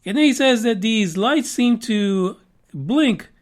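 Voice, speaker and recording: A man's voice: sits high, animated, takes it slowly. A middle-aged man hosting a podcast, talking casually in a rambling, jokey way, with a lot of swearing. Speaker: podcast host.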